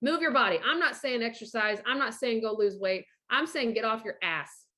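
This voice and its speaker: A high, bright woman's voice talking fast and blunt, full of profanity. She gives casual divorce advice like a straight-talking coach. She acts out the people she quotes.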